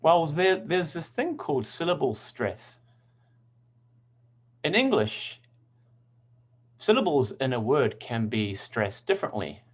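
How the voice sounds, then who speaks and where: A man teaching English pronunciation in a scripted lesson, speaking clearly and deliberately and stressing example words. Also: fairly high pitch, big pitch swings, dull audio.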